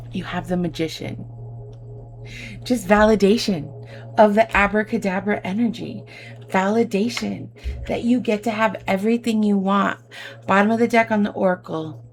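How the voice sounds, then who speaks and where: Emotional woman reading tarot, gravelly fry. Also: medium pitch, a little hiss or hum. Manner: effusive, emotional, addresses listener as babe and my love. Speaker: tarot reader. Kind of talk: tarot reading addressed to viewers.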